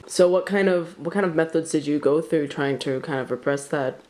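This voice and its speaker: A man asking gentle, probing questions as the interviewer. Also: a little high, moderate pace, noisy background. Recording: distant mic with music.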